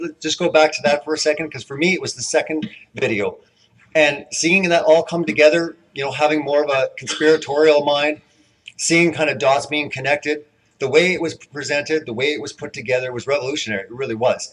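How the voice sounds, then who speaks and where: A man's voice: fairly high pitch, a bit bright, low-quality recording. A man introducing the next speaker at a conference, earnest and admiring, with repeated words.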